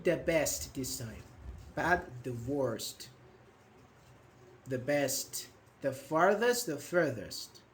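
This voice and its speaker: A man teaching an online grammar class, patiently explaining with examples and praising his students. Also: high voice. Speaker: English teacher.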